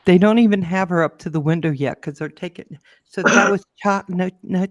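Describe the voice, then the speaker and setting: A woman co-hosting a casual chat show, telling a lively story and acting out the people in it. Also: fairly quick, dry recording, clean studio sound. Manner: lively storyteller, acts out quotes in a high voice. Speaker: show co-host.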